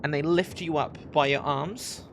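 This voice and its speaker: A game master narrating a tabletop game loosely, full of fillers and restarts. The voice has a gravelly rasp, with a faint hiss in the background. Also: mid-range voice, steady tone, moderate pace.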